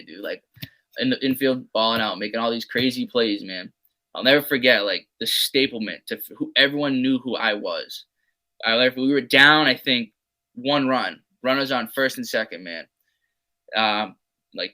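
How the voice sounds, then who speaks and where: Bright-voiced young man telling stories. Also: moderate pace, poor audio. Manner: loose and animated, drops into low mutters for quoted asides; swears freely, heavy use of "like" and "man". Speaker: podcast guest. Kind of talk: casual storytelling.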